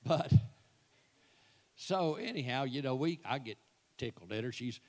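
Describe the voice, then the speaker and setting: A man's voice: medium pitch, animated, unhurried. A man, telling folksy, self-mocking comic stories at a church event. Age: 60s. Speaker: church speaker. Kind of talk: comic storytelling to a live audience.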